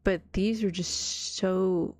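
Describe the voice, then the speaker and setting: A woman streamer with a cold, coughing now and then, softly rambling as a caring girlfriend in a whispered role-play. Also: medium pitch, steady tone, slow pace, no room sound, clean studio sound. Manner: soft-spoken, rambling, trailing off. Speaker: vtuber streamer.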